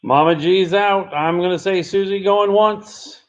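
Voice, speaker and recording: A man running a live online charity auction, calling and repeating bids briskly. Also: high voice. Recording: dull lo-fi stream audio.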